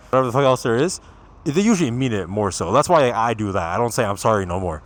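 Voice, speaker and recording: A man's voice: medium pitch, lively intonation, very fast. A young man with a Toronto accent, ranting casually and bluntly to the camera, swearing freely and rambling from point to point. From Canada. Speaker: vlogger.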